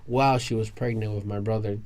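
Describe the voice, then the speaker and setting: Animated New man telling stories. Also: on the low side, brisk. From New York, USA. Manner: animated storyteller, rambling with restarts. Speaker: podcast guest. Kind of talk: casual round-table storytelling. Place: round-table podcast recording with other guests.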